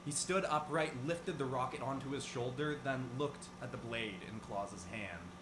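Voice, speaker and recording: A man's voice: mid-range voice, normal speed. Male creator narrating his story, casual delivery, noisy echoing room. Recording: echoey room with background noise.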